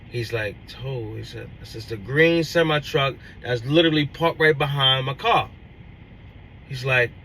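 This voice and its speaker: A man's voice: medium pitch, slight background noise, poor audio. A young man, a truck driver, telling a story in a casual vlog and acting out each side of the conversation with lots of restarts. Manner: animated retelling, acts out dialogue, many restarts. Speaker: owner-operator truck driver.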